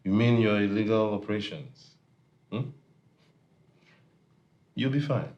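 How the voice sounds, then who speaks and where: A man's voice: fairly low pitch, measured pace, a little mellow, dull audio, lightly acted. A man with a Nigerian accent playing a smug young company heir in a TV drama, dismissive and taunting. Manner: smug and dismissive, ends lines with a taunting 'hmm?'. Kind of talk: TV drama acting.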